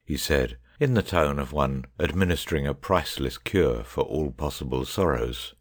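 A man narrating an audiobook chapter in a measured, even way. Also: extremely low pitch.

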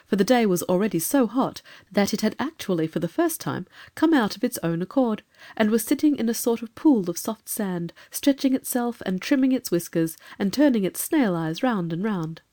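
A woman reading a children's storybook in a calm, measured, expressive manner. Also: medium pitch. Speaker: narrator.

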